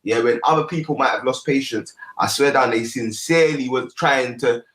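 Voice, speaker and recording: A man hosts a heated panel, talking a guest down with streetwise slang and patient repetition. His voice sits at a middle pitch. An echo hangs around his voice, as if he is in a bare room. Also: moderate pace, a bit bright. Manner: persuasive, streetwise slang, repeats himself. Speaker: host. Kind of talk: mediating an online panel.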